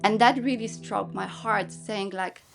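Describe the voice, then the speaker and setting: Podcast guest: woman, Polish-born, accent blending Polish and English, earnest and practical, mid-pitched, sometimes gropes for words. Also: measured pace, gravelly, over music. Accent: Polish mixed with English. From Poland. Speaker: guest, kids ministry leader. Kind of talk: casual podcast interview.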